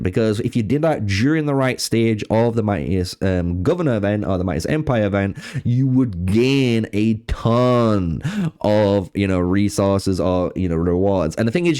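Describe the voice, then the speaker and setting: A man's voice: fairly low pitch, darkish tone. A man giving casual game news commentary, chatty and full of fillers, talking to his viewers while he has the hiccups. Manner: chatty, filler-heavy, addresses viewers as guys. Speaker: gaming YouTuber.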